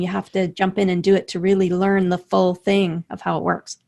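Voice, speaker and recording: A woman's voice: fairly low pitch, little pitch movement, fairly quick, gravelly, few pauses. A woman hosting a podcast, asking questions and reacting with short encouraging sounds. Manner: warm back-channel, laughs and short reactions. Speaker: podcast host. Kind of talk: casual interview.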